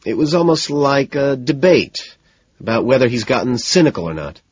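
A man's voice: medium pitch, very animated, normal speed, slightly rough, no room sound, dull audio, pitched above the performer's own voice. A man voicing an anxious young man who talks in a nervous, breathless rush.

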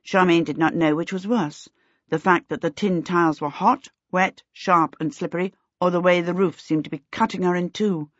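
An audiobook narrator with a low, husky female voice reads a scripted story in a steady, measured way. The recording is dull and lo-fi, dry with no room sound.

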